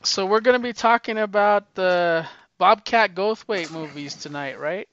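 A man's voice: high voice, unhurried, fairly bright tone, clear, resonant tone. A man co-hosting a podcast over a video call, chatty and inquisitive, often trailing off mid-sentence. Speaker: podcast co-host. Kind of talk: casual chat. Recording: dry, slightly dull lo-fi audio.

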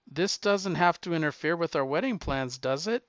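An earnest, heroic young superhero, voiced by a man in an everyday tone. The voice is smooth and slightly high. The recording is dry and a little dull. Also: expressive, moderate pace, fairly bright tone, no room sound.

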